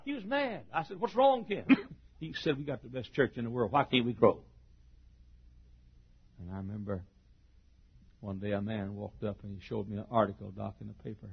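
A middle-aged pastor preaching a sermon, moving from quiet storytelling to loud, shouted preaching. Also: male voice, fairly low pitch, creaky, husky. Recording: dull lo-fi sermon recording.

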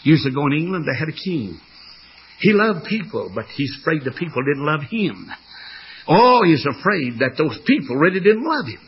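An older man preaching a fervent storytelling sermon, with a raspy voice. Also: fairly high pitch, very animated, moderate pace, muffled recording, a little hiss or hum.

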